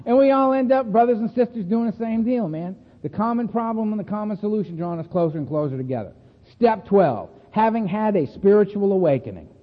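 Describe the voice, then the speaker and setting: A man sharing stories as a speaker at a recovery meeting, animated and chatty, often laughing and tagging his lines with "man" and "right?". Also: sits high, brisk. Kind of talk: storytelling talk. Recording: echoey hall over a tinny phone-like line.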